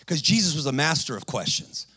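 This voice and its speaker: A man with a high voice preaches with rising energy, throwing rhetorical questions at the congregation and driving them home with repeated "come on"s. His voice sounds close and dry, with no room echo. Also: very animated, brisk, sharp tone, husky. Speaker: guest preacher. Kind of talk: sermon. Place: church.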